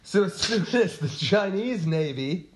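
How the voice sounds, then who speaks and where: Male podcast co-host, mid pitch, loose and jokey, self-deprecating history storyteller. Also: expressive, measured pace, background noise. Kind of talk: casual history chat.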